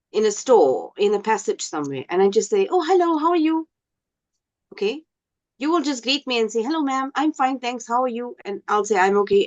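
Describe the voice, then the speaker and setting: A woman teaching an online class, speaking slowly and deliberately and often checking whether her students understand. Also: medium pitch. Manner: slow, deliberate, asks the class questions. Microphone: video call. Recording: dull lo-fi video call audio.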